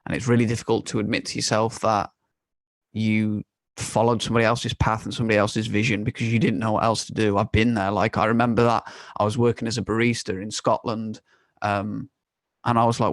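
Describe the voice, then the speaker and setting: A man's voice: fairly low pitch, little pitch movement, a little fast, dry recording. A young man hosting a podcast in a candid, conversational monologue, swearing and laughing now and then. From United Kingdom. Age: young adult. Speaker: podcast host. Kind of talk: casual monologue.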